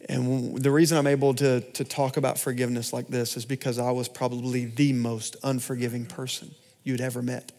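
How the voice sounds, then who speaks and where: Man preaching, loud to hushed. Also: medium pitch, level tone, a little fast, hardly any pauses. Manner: emotional storytelling, swings from loud to hushed. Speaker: pastor. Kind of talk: sermon testimony. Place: church.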